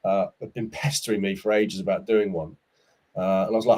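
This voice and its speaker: Low, steady, and slightly quick, this man's darkish voice belongs to a forty-something startup boss guesting on a podcast. The interview is casual, and he's candid, spinning chatty stories laced with slang.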